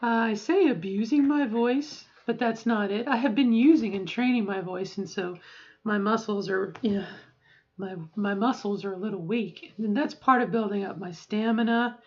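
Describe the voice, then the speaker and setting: A middle-aged woman at mid pitch, chatting loosely through a voice-training vlog. She wanders from thought to thought and keeps tagging "okay?" onto her points. The recording sounds a bit dull and lo-fi. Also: a little mellow. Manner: rambling, keeps adding "okay?". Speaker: vlogger.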